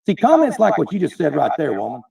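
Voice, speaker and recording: A man's voice: fairly high pitch, wildly swooping pitch, fast talker, vocal fry, dark tone, recorded from a distance. An angry man ranting profanely in defense of himself on a livestream. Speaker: online streamer defending himself.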